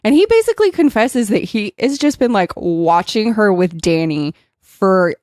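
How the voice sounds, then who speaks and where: A woman's voice: medium pitch, lively intonation, moderate pace, darkish tone, no echo, clean studio sound. A woman co-hosting a podcast, chatting animatedly about a book, laughing often and acting out the characters' lines. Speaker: podcast co-host. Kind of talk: casual book-discussion chat.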